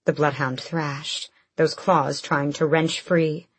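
A woman narrating a fantasy audiobook in a measured, steady storytelling manner. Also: sits low, slightly rough, no room sound.

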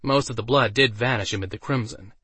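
Male narrator, even and steady fantasy reading, close dry recording. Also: medium pitch, a little fast, husky, dry recording. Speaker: audiobook narrator. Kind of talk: scripted narration.

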